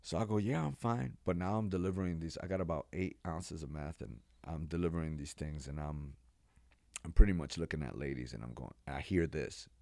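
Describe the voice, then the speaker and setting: A man in his forties, a pastor from New York, telling his life story as a podcast guest in an animated, casual way with slang. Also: very deep voice, a little fast, dry recording. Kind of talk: personal testimony in a podcast interview.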